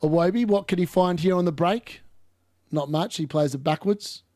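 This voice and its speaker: A man hosting a live football watchalong, commenting on play and ranting opinions, getting excitable and yelling at chances. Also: high-pitched, moderate pace, no room sound, clean studio sound. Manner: excitable, yells at chances on screen. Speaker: host of a fantasy football watchalong.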